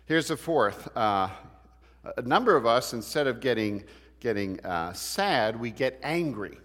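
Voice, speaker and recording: A man's voice: medium pitch, animated, unhurried, a bit bright. A man teaching a church Bible class in a conversational way, asking the class questions as he goes. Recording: long hall reverb.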